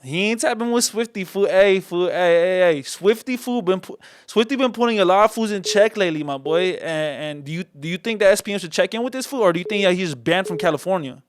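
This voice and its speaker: A man's voice: sits high, expressive, fairly quick, few pauses, a little hiss or hum. A man hosting a casual call-in podcast, full of street slang and calling everyone "my boy" and "fool". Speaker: podcast host taking call-ins.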